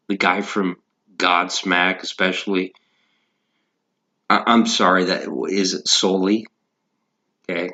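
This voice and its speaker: Guy ranting about a singer, swears constantly, kinda low voice, muffled lo-fi sound. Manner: profane, rambling, animated. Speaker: podcast host. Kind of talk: casual rant.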